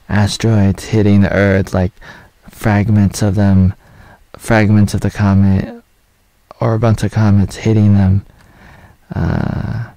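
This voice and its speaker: A gravelly, low-pitched man in his thirties talks through a series in a loose, rambling way, leaning on fillers and trailing off mid-thought. His voice sits dark and mellow. The sound is dry and close, with no room around it. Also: no room sound. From United States (Oregon). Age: 30s. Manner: rambling, loose, full of "like" and half-finished thoughts. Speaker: video reviewer. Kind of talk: casual spoken review over footage.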